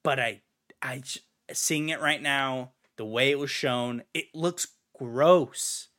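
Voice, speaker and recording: A man's voice: mid-range voice, slow, fairly bright tone. A man co-hosting a casual gaming podcast, ranting in an exasperated way and swearing now and then. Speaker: podcast co-host.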